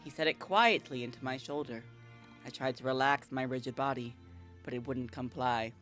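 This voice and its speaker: A woman's voice: a bit bright, faint music behind. A woman reading as a brooding vampire. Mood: somber. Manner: slow, somber, low reading. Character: guilt-ridden centuries-old male vampire narrator, brooding. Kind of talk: reading a visual novel aloud.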